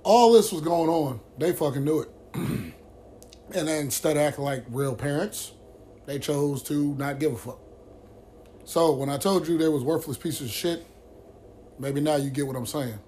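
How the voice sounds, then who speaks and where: A man hosting a vlog recounts a friend's story straight to the camera, bluntly and heatedly, swearing constantly. His voice sits on the high side and is mellow, his pace is normal with frequent pauses, and there's a little hiss or hum.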